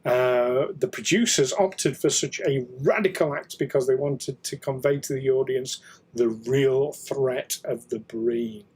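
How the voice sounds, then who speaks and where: A man's voice: mid-range voice, unhurried, darkish tone, husky. A British man co-hosting a casual podcast chat, jokey and laughing often. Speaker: co-host.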